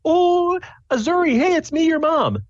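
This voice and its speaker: A man voicing an excited middle-aged mother who repeats herself frantically. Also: very high voice, normal speed, dry recording, voice pushed up. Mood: frantic. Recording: dull lo-fi sound.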